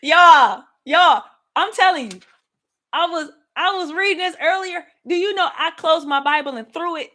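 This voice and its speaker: A woman hosting a livestream Bible study, teaching in an excited, casual way and talking straight to her viewers. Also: extremely high pitch, normal speed. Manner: animated, laughing, talks to viewers as y'all.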